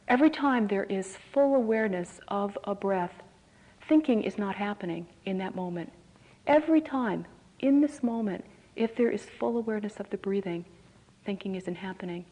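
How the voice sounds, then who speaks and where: A woman meditation teacher gives a calm dharma talk at a mid-range pitch. She speaks in a measured way and often softens to a near-whisper. She also poses slow, repeated reflective questions. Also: highs cut off.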